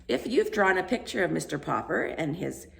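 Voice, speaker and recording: Woman, children's book reader, expressive, lively pitch, gravelly. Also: normal speed. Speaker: storyteller. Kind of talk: reading a children's book aloud. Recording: roomy echo.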